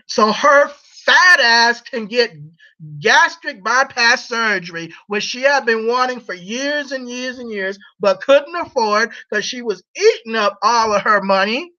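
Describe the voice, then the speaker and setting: A man's voice: high voice, pushed and bright, dull audio. A man chatting casually on a livestream in a rambling, teasing way, laughing often.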